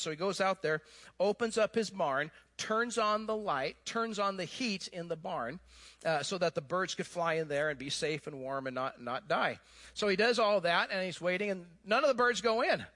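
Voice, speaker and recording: A man preaching a sermon, telling a story with animated emphasis that drops to hushed, low tones. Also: moderate pace. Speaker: pastor.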